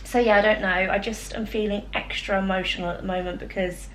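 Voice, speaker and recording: A young woman chatting casually to camera at home, gentle and emotional, with lots of fillers. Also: mid-range voice, steady tone, fairly quick, a little hiss or hum. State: emotional, close to tears. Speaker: vlogger. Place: home, indoors.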